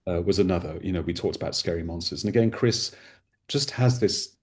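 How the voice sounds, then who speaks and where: Deep-voiced man telling stories enthusiastically. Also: a little fast. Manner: expansive, enthusiastic storyteller. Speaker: podcast host as guest. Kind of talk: casual conversation.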